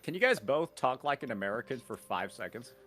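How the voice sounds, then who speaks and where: A man's voice: medium pitch, big pitch swings, fairly quick, a crowd in the background. A man, a podcast guest, talking in a playful, teasing way. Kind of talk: casual podcast chat.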